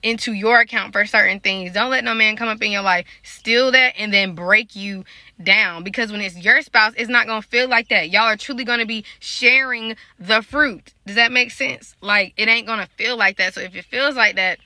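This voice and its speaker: A woman's high-leaning, pushed and bright voice comes through with no echo at a moderate pace. She's a prophetic dreamer and life coach, addressing viewers directly in a loose, conversational vlog about faith and relationships.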